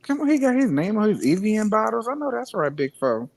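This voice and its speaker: Playful expressive man with slightly high voice. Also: a little fast, vocal fry. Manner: playful, emphatic, teasing. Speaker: podcast co-host. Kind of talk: casual live watch-along chat.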